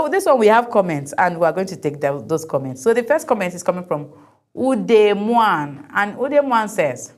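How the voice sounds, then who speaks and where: A woman hosts a TV talk show, giving chatty, opinionated commentary on viral videos. She reads out viewer comments and laughs easily. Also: medium pitch.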